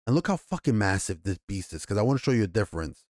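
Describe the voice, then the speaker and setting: A man's voice: fairly low pitch, sing-song, fast, darkish tone, no room sound, studio quality. A man with a New York accent casually recapping and reviewing an episode, swearing freely and acting out the characters' lines as he goes. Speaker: show reviewer.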